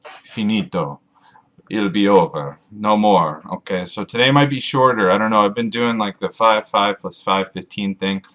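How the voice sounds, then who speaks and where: A man vlogging to his camera, rambling and joking at himself in a monotone way. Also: lowish voice, normal speed, few pauses. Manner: self-mocking, rambling, jokey asides. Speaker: author vlogger. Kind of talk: rambling casual vlog to camera.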